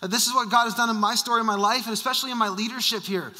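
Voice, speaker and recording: A man preaching in a high, very bright voice, pressing each point with rhetorical questions. His words ring out with a long reverb, as in a large church hall. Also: fairly even intonation, rapid-fire. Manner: emphatic, repeats rhetorical questions. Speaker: senior pastor. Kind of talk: sermon.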